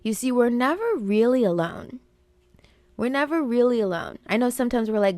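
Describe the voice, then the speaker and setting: A woman's voice: fairly high pitch, expressive, normal speed, darkish tone, no echo. A young adult woman hosting a podcast, giving an earnest, repetitive motivational talk on intuition and acting out her inner voices. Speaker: podcast host and life coach. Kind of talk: motivational spiritual monologue.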